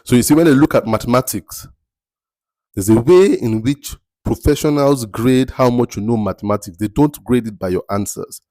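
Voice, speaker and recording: A man acting as a mentor gives life advice in a motivational talk, emphatic and rhetorical, repeating his key phrases. His voice is medium-pitched and dark in tone, at a moderate pace, with no room sound.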